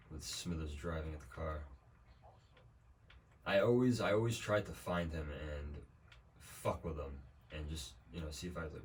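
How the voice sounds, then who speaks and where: Young man, very deep voice, casual game streamer, rambling and profane, dry humor, distant mic, faint background noise. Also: moderate pace, pauses often. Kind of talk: casual gameplay commentary.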